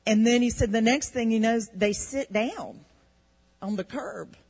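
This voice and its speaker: Woman, husky voice, animated testimony storytelling, repeats words. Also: on the high side, unhurried, poor audio. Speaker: ministry show co-host.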